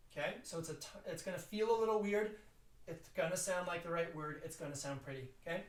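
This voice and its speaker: A man with a tenor voice leading a choral rehearsal, explaining the notes quickly and then singing phrases slowly in falsetto. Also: echoey room, distant mic, soft background music, poor audio. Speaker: choir director. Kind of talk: choral rehearsal teaching with sung demonstrations.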